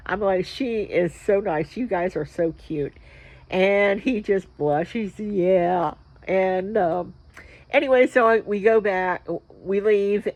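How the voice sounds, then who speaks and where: A woman with a fairly low voice chats through a story, rambling and excited, tripping over her words and circling back. The sound is dry and close, with no room echo. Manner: chatty, rambling, excitable with fillers and restarts. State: about to sneeze. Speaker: wrestling vlog host. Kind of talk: casual storytelling vlog.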